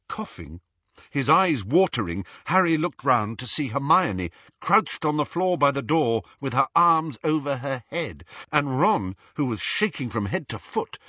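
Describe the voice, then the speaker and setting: A man narrating a storybook in a measured, expressive way. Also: medium pitch, breathy edge, dry recording, highs cut off. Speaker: audiobook narrator.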